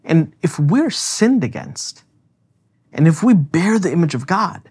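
A man speaking as theologian co-host in a podcast discussion, animated and emphatic, with frequent filler words. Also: a little high, a little slow, husky.

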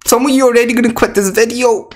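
A man doing gacha summon commentary for a video, excitable, swinging from mock gloom to shrieks, his voice cracking. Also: very high voice, quick pace. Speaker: gaming YouTuber.

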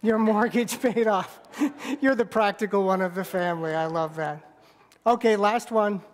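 A man preaching a sermon as pastor, bantering with the congregation and telling a story with halting restarts. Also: high voice, slight background noise. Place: church sanctuary.

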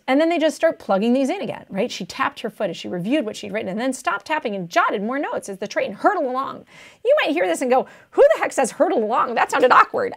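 A young woman tutoring test prep in a playful, animated way, acting out what students think. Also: fairly high pitch. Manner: playful, acts out students' inner voices.

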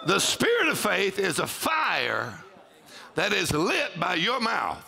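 A man, preaching a sermon with shouted exclamations and call-and-response to his congregation. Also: high voice, huge pitch swings, slow pace, vocal fry, crowd noise. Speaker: pastor. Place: church auditorium with congregation.

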